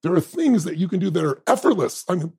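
A middle-aged man, a podcast guest, telling stories in an animated, emphatic way. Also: sits high, fast talker, creaky. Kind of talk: storytelling interview talk.

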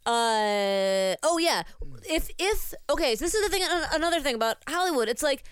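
A woman's voice: high voice, animated, normal speed, no room sound. A woman co-hosting a podcast in casual chat, eager and agreeable, often rambling as she works out her point. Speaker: podcast co-host.

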